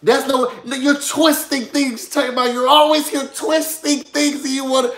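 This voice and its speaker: A man doing a shrill protesting woman, defensive, raised voice, echoey room. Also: steady tone, normal speed. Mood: indignant. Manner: yelling, protesting.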